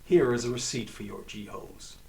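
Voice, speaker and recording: A man doing a deadpan government agent. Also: medium pitch, normal speed, close to an everyday voice. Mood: officious. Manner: flat, officious delivery. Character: stern tall male government agent, deadpan. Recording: distant mic.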